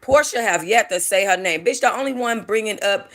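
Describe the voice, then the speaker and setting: A woman hosting casual gossip commentary about reality TV, chatty, animated and profane. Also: mid-range voice, brisk. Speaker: host.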